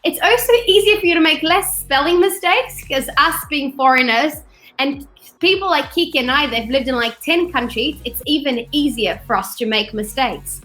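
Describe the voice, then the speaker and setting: A woman whose voice sits high hosts a webinar over a video call at a moderate pace. She isn't from Australia but studied there, and she talks casually and animatedly, often acting out what people said.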